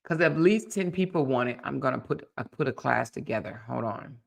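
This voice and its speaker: A woman's voice: very deep voice, animated, a little fast, vocal fry. A woman, chatting casually and laughing with viewers on a livestream. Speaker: livestream host.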